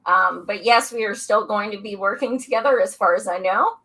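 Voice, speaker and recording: A woman's voice: medium pitch, fairly quick, sharp tone, low-quality recording. A woman co-hosting a political podcast, blunt, outspoken and playful in casual chat. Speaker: podcast co-host.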